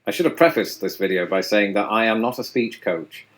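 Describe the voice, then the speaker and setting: A man's voice: on the low side, animated, a little fast, fairly bright tone. A man presenting a scripted explainer video in a wry, self-deprecating tone, heard as a clip played in a reaction video. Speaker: YouTube presenter.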